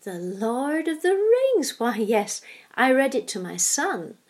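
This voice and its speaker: A woman's voice: a little high, a little slow, breathy edge, heavily acted. A woman voicing an elderly, forgetful woman in a storybook reading, cheerful and easily alarmed. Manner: bright, excitable, rising to cries.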